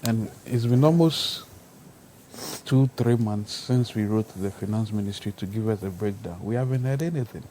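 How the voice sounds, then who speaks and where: A man makes his case on a studio panel in a low, mellow voice. He lays out his argument point by point and presses on it. Faint ambient noise runs underneath. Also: moderate pace, poor audio. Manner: argumentative, builds points step by step. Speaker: panel guest, civil society voice. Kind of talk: studio debate.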